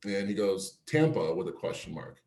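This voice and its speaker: Laughing storyteller man, lowish voice, roomy sound. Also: moderate pace. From Cleveland, Ohio. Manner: animated storyteller, laughs often, acts out quotes. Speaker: former pro baseball pitcher, guest. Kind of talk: casual storytelling interview.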